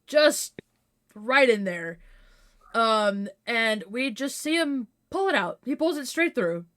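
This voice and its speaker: Relaxed woman chatting on a podcast. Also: a little high, takes it slowly. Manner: relaxed, swears, laughs easily. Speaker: podcast guest. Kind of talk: casual recap chat.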